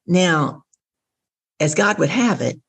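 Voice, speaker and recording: Gravelly, husky middle-aged woman storyteller. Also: low voice, lively intonation, slow pace. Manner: vivid storyteller who acts out dialogue. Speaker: guest, professional speaker. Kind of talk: animated storytelling interview.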